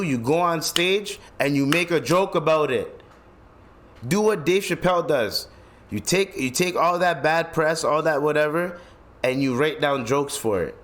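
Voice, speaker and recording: A man's voice: on the high side, a bit bright. A man hosting his own podcast, ranting bluntly with heavy swearing and slang, often restarting his sentences. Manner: profane, blunt, heated opinion talk; rambling with frequent restarts and slang. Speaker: podcast host. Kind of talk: solo podcast rant.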